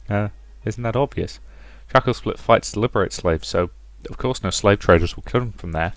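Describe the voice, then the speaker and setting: A man's voice: on the low side, moderate pace, no echo, voice pushed down, natural voice. A man voicing a dry, sensible woman companion who questions the others.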